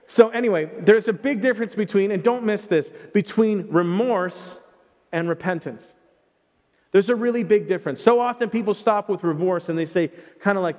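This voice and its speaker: Male pastor, high voice, conversational emphatic sermon, long church-hall reverb. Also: moderate pace, darkish tone. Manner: conversational, emphatic preaching with playful asides.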